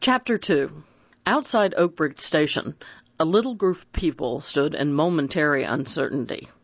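Lively, expressive audiobook narrator. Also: medium pitch, normal speed, gravelly, soft background music. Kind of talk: scripted narration. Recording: dull dry audiobook recording.

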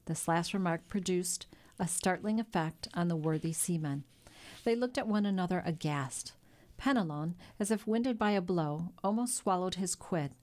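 Low-voiced woman narrating a classic novel. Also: moderate pace, a little mellow. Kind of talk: audiobook narration.

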